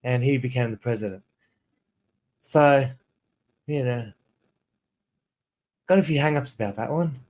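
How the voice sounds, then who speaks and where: A man's voice: mid-range voice, measured pace, pauses often, darkish tone. A man in his thirties, an English teacher chatting casually on a livestream, rambling and restarting sentences as he reads prompts aloud. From South Africa. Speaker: ESL teacher and streamer.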